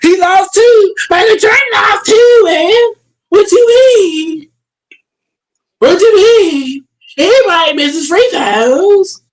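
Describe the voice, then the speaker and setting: Brief: man mocking a whiny star athlete at the podium, high pleading voice, pouty. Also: lively intonation, unhurried, hardly any pauses, shouting, low-quality recording. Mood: whining.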